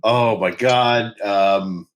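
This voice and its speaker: A man's voice: on the low side, fairly even intonation, drawn-out words, a little hiss or hum, low-quality recording. A man co-hosting a podcast, chatting casually about a movie, acting out lines and laughing often. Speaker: podcast co-host. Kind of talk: casual movie-review chat.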